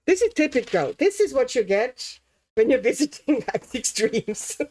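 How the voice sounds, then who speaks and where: A woman hosting a relaxed livestream, chatting casually as she colours, reading out viewers' names and thinking aloud while she works. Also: sits high, normal speed. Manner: chatty, laughs often, reads chat names aloud; muses aloud while working. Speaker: livestream host.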